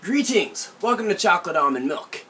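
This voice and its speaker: In a comic storytelling vlog filmed at his aunt's country house, a young man recounts a childhood story. His high-pitched voice moves at a moderate pace with a playful, mock-serious, animated deadpan, and there's slight background noise.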